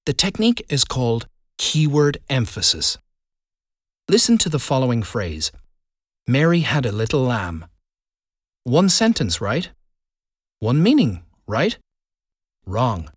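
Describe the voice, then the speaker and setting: Male speaking coach, scripted lesson, lively pitch, keywords stressed, dry booth sound. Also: breathy edge, no room sound. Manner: deliberate, emphatic delivery with stressed keywords. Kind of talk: scripted instructional narration.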